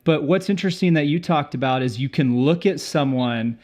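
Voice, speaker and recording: A man's voice: fairly high pitch, brisk. A middle-aged man hosting a podcast, musing aloud with fillers and restarts. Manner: relaxed, hesitant, many fillers. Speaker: podcast host. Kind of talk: podcast interview.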